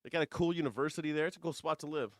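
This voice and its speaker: A man's voice: fairly high pitch, rapid-fire, very noisy. Sarcastic man hosting a news reaction show. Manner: sarcastic, rambling, jokey. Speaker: host. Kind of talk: live news reaction commentary.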